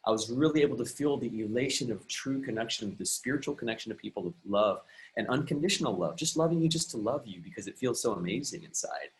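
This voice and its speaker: A man's voice: mid-range voice, expressive, fast, rough recording. A man speaking as a guest coach who tells a personal story earnestly and reflectively, often restarting his sentences. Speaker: guest, emotional and relationship coach.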